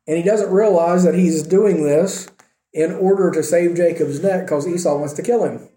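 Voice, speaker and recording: A man with a high, mellow voice teaches from the Bible in a relaxed way, retelling the story with dry humor and quoted voices. The room around him rings with a noticeable echo. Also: moderate pace.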